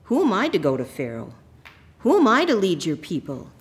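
A woman's voice: on the low side, wildly swooping pitch, fairly quick. A woman voicing a frightened, humble shepherd in a children's Bible story who questions himself. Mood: doubtful. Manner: timid, questioning.

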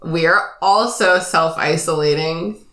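A woman's voice: low-pitched, a little slow, a bit bright. A woman hosting a podcast in a jokey, casual way, laughing often. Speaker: podcast host. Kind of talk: casual chat. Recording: roomy echo.

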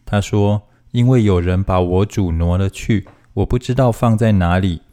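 A man reading Bible passages aloud in a steady, formal manner, phrase by phrase. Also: low-pitched, moderate pace. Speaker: scripture reader.

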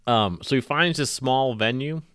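A man's voice: mid-range voice, moderate pace, a bit bright, clear, resonant tone, dry recording, studio quality. A man co-hosting a comedy podcast in casual chat, rambling and poking fun at himself. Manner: rambling and self-mocking. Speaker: podcast co-host.

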